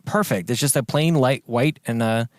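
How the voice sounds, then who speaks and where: A man co-hosting a casual gaming podcast, chatting in an animated way with lots of filler words. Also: mid-range voice, moderate pace, no echo, clean studio sound. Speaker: podcast co-host. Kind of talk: casual chat.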